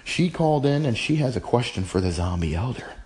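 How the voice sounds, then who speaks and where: A man's voice: medium pitch, sing-song, brisk, darkish tone. A man hosting his own podcast, chatting in a rambling, playful, casual way. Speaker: podcast host. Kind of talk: casual chat.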